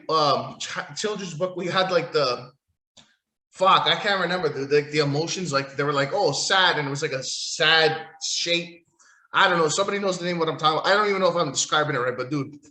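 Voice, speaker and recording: A man's voice: a little high, sharp tone. Profane, rambling male podcaster. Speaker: podcast host. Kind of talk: solo podcast recap. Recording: echoey room.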